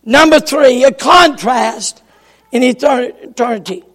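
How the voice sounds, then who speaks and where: A man preaching a sermon, shouting in impassioned bursts and repeating his phrases for emphasis. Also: very high-pitched, lively intonation, a little slow. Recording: echoey church hall with long reverb.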